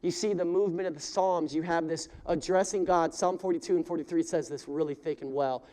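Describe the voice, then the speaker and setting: A man preaching a sermon as pastor, addressing the congregation directly and voicing prayers in rising, pleading cries before dropping to quiet appeals. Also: on the high side, fairly even intonation, a little fast.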